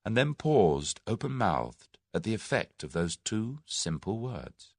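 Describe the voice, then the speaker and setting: A male audiobook narrator reads a classic novel with expressive storytelling. His voice sits low and carries a gravelly texture. The sound is close and dry. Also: takes it slowly, no room sound. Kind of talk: scripted narration.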